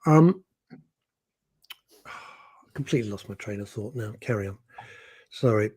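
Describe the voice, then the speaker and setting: Brief: male radio co-host with a husky, mellow tone and a wry, rambling delivery. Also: lowish voice, measured pace. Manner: rambling, wry, loses his thread. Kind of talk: casual radio chat.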